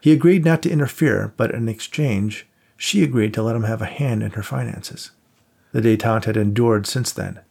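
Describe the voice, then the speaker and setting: A man narrating an audiobook in a steady storytelling manner. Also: on the low side, creaky, slightly rough. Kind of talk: scripted narration.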